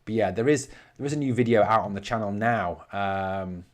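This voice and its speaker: A man's voice: lowish voice, normal speed. A man from northeast England hosting a solo podcast, giving blunt opinions and answering live chat with swearing. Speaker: podcast host.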